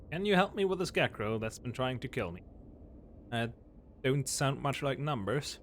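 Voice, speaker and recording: A man's voice: mid-range voice, very animated, moderate pace, slight background noise. A young man streaming a game live, reacting in a casual, profane way.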